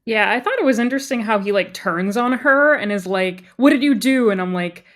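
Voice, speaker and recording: A woman's voice: mid-range voice, expressive, fairly quick, fairly bright tone. Wry woman podcast co-host. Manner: critical, wry. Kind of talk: casual chat.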